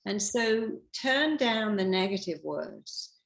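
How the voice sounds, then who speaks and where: A woman's voice: medium pitch, lively intonation, slow, creaky. An older woman giving emphatic advice as a podcast guest, acting out quoted voices. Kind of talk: animated advice talk. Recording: roomy echo.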